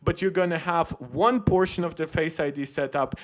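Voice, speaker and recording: Guy rambling on his tech stream, kinda high voice, lots of restarts. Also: moderate pace. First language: German. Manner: chatty, rambling, frequent restarts. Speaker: tech channel host. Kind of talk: casual livestream commentary.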